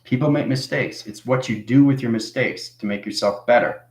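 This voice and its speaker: A man's voice: medium pitch, normal speed, darkish tone. A man giving spiritual advice to viewers, coaxing them along with "okay?" and "right?" and repeating phrases for emphasis. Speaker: spiritual vlogger. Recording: echoey room.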